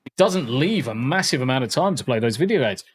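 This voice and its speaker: A man's voice: mid-range voice, expressive, brisk. A man hosting a casual podcast, rambling through his backlog and swearing freely, with an air conditioner crackling behind him. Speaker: podcast host. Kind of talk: casual chat.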